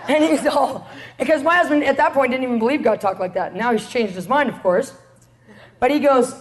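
High-voiced woman preaching a lively testimony. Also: moderate pace. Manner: animated storytelling, rhetorical questions to the audience. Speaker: preacher, prison ministry leader. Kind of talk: testimony sermon.

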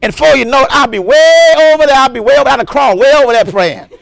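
A male pastor preaching a sermon with emphatic delivery, repeating phrases and breaking into shouts. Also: very high voice, quick pace, creaky, no echo.

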